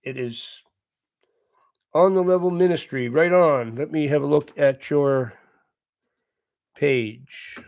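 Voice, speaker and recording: Man, livestream host, earnest, repeats himself, slightly higher voice. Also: takes it slowly, pauses often, darkish tone. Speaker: livestream host reading chat. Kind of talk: casual live chat with viewers.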